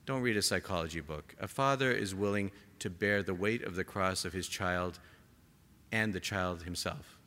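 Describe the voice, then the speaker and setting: A man preaching a sermon to a gathered congregation, impassioned, rising to emphatic peaks and dropping to soft, quiet lines. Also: low voice, moderate pace. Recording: long hall reverb.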